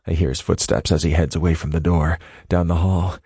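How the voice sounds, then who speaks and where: A man narrating a first-person audiobook in a steady, measured reading. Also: deep voice, breathy edge, no room sound, clean studio sound.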